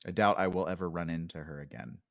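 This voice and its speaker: A man's voice: sits low, fairly even intonation, fast talker, dry recording, studio quality. A man talking as a podcast guest in casual conversation, reflective and hesitant, with many fillers and restarts.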